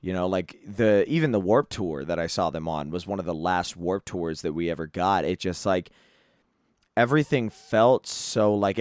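A man's voice: on the low side, dry recording, studio quality. A man hosting a solo podcast, reviewing an album in a rambling, casual way with lots of fillers and free swearing. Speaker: podcast host.

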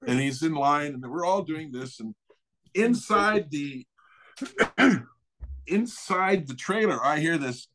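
A middle-aged man casually telling a story in conversation, animated and laughing often. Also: on the high side, unhurried, long pauses. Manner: animated, acts out others' voices, laughs often. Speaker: guest storyteller.

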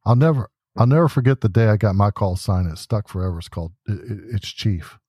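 Man, podcast co-host, casual banter, husky, lowish pitch, dry sound. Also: expressive, quick pace, mellow, no echo. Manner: joking, teasing banter. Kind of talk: casual chat.

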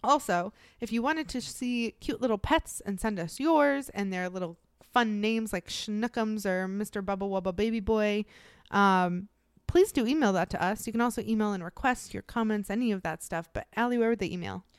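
A young woman co-hosting a podcast chats bluntly and with animation, swearing freely. Her mid-range voice is smooth and resonant, moving at a moderate pace, captured close and dry with no echo.

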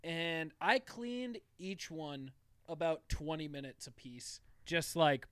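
Chatty male podcast co-host, smooth bright voice, dry close sound. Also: a little high, slow pace, no echo. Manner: chatty storyteller, swears casually. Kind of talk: casual chat.

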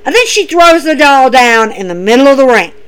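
A woman recapping wrestling shows in a casual, excitable way, acting out what people said. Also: high-pitched, brisk, clean tone, poor audio. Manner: excitable storyteller acting out quotes.

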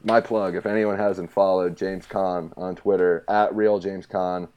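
A man's voice: low voice, unhurried, smooth. A man co-hosting a podcast, chatting casually and jokingly about films, often slipping into mocking quoted voices. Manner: animated, jokey, does mocking quoted voices. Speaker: podcast co-host. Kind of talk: casual film chat. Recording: dull lo-fi sound.

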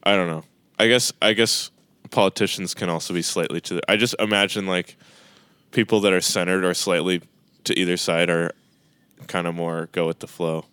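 Deep, smooth-voiced joking man. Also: steady tone, moderate pace, sharp tone, no room sound. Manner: joking, easygoing. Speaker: podcast co-host. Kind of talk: casual chat.

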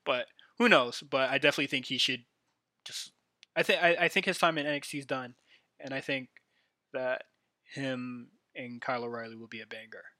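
A man hosts his own show alone, talking in a loose, filler-packed way. His voice has a bright, forward edge. The sound is close and dry, with no room around it. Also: medium pitch, steady tone, a little fast, no echo. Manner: rambling, filler-heavy, enthusiastic fan talk. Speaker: podcast host. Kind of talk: casual solo wrestling recap.

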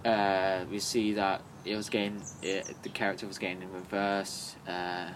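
A man's voice: deep voice, level tone. Rambling man, faint hiss behind. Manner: rambling, halting, full of fillers and restarts. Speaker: podcast co-host. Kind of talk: casual chat.

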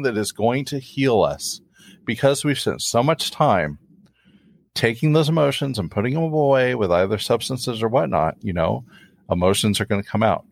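A man's voice: medium pitch, animated, normal speed, vocal fry, no echo, clean studio sound. A man hosting an interview podcast, an addiction counselor talking in an earnest, conversational way. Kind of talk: casual interview.

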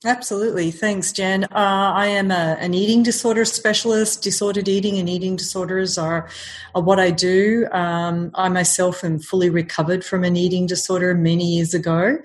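A woman's voice: fairly low pitch, flat delivery, moderate pace. A middle-aged woman from Australia, a podcast guest talking casually and laughing readily. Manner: warm, laughs readily, some fillers. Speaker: podcast guest, eating disorder specialist. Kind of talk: casual interview.

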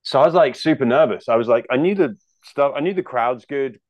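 A man's voice: medium pitch, fairly quick, no echo, highs cut off. A man with a British accent, a guest comedian chatting casually, rambling and joking with many restarts. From United Kingdom. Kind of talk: casual chat.

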